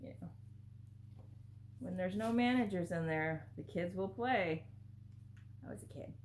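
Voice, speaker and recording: A woman's voice: fairly low pitch, measured pace, slight background noise. A woman vlogger chatting casually to camera while opening gifts, gushing and exclamatory.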